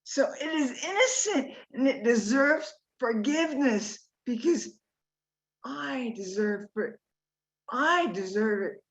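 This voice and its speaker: A woman sharing her spiritual reflections in a study group, halting and thoughtful, over a video call. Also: high voice, animated. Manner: halting, thoughtful, pauses often. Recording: dull lo-fi call audio.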